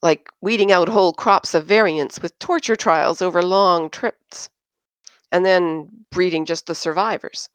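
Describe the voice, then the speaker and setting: A woman's voice: lowish voice, a little slow, clean tone, no echo, close to an everyday voice. A cheeky male pilot teases and jokes in a sarcastic, jovial way, as a woman narrator puts him on for an audiobook. The sound is dry and close. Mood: teasing.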